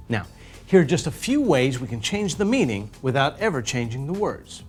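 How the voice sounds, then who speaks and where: A man's voice: a little high, sing-song, brisk, faint music behind. A man giving scripted narration for an educational video, playful and theatrical in his emphasis.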